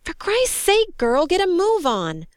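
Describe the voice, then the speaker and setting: A woman voicing a tired young male aircraft crewman who shouts urgently over the noise. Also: extremely high pitch, huge pitch swings, measured pace, dry recording, studio quality, voice pushed up, full character voice.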